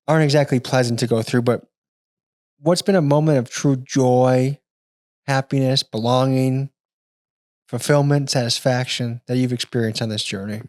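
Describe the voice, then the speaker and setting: A man hosting a podcast, asking questions in a measured, articulate way. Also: mid-range voice, darkish tone, no echo, studio quality. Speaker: podcast host. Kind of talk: interview questions.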